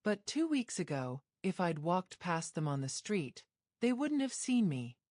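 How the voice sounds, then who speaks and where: A woman's voice: lowish voice, very animated, measured pace, a little mellow, no echo, studio quality. A woman narrator voicing a hurt, defiant young woman who speaks in an emotional, questioning way.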